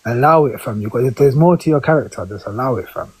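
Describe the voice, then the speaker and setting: A man calling in to a live stream, giving laid-back, quick advice in casual chat. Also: mid-range voice, darkish tone, slightly rough, low-quality recording.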